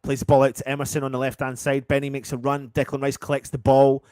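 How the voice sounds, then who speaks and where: Excitable fan commentating a match. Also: male voice, medium pitch, quick pace, clear, resonant tone, no room sound. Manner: excitable, swears, swings from muttering to shouting. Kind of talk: partisan live match commentary.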